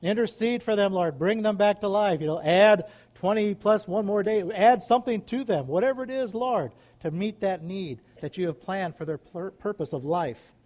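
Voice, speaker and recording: Man, pastor, sermon, high-pitched, emphatic, questioning the congregation. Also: moderate pace, hardly any pauses, a little mellow. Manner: preaching, rising into emphatic calls and questions.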